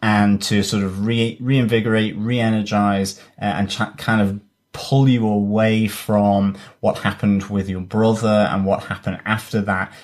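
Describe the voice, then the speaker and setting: A man's voice: on the low side, little pitch movement, unhurried. A man co-hosting a TV review podcast, discussing the episode in a rambling way with ums. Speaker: podcast co-host. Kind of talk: casual podcast chat.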